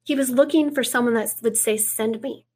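A woman guest speaking earnestly in an interview, reading scripture aloud and dropping to a hush for quoted words. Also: fairly high pitch, quick pace. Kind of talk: preaching in an interview.

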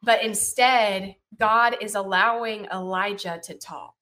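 Her mid-range voice moves at a slow pace as this woman teaches a Bible story, retelling it with animation and lively emphasis. She fills it with "you know" and "like" and checks in using "right?" and "okay?".

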